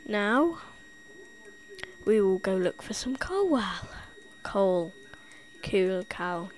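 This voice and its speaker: A woman's voice: mid-range voice, very animated, takes it slowly. Lisping woman, jumpy game commentary. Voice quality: lisp. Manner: jumpy, easily spooked, giggly. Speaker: gameplay tutorial host. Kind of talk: playful gameplay commentary.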